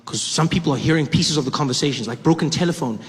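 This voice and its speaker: A man from South Africa performing stand-up comedy, telling an animated story full of characters. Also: on the high side, fast, breathy edge, long reverb tail.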